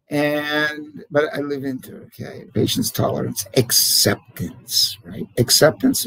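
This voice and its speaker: A middle-aged man, a jewelry business owner, talking casually to camera in an animated, rambling, emphatic way. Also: fairly high pitch, no echo, poor audio.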